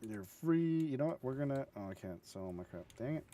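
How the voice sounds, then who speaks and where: Goofy, humming gamer with a lively voice. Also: male voice, medium pitch, fairly quick, slight background noise. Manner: goofy, hums and sings to himself, mumbles. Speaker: gaming streamer. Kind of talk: casual gameplay commentary.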